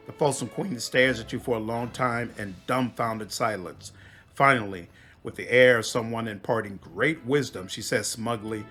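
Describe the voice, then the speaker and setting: A man who makes gaming videos, reading game dialogue and narration aloud in a plain, even way during a playthrough. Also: mid-range voice, normal speed, soft background music.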